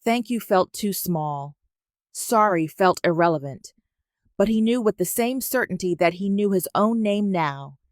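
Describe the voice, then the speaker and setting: A woman narrating a romance story in a measured, even reading. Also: medium pitch, dry recording, studio quality.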